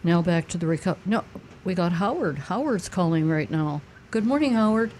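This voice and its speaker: A man's voice: sits high, expressive, moderate pace, a little mellow, a little hiss or hum. A man hosting a radio call-in show, chatting with callers and reading out the contact number. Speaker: host.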